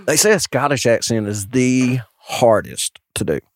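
Man, casual sports-talk co-host; animated, rambling delivery, dry recording. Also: medium pitch, a little slow, dry recording. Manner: rambling, laughs often, trails off mid-sentence.

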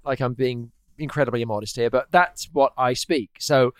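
A man's voice: medium pitch, normal speed, smooth, dry recording. A man from England with an Oxford English accent, a guest explaining at length in casual conversation.

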